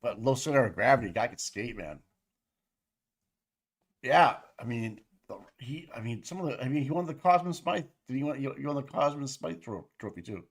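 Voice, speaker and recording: A man hosting a livestream who talks in a loose, rambling way and swears freely. His pitch sits right in the middle for a man, and his delivery is casual chat with the audience. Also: lively intonation, moderate pace, husky. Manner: profane, rambling, chatty. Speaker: livestream co-host.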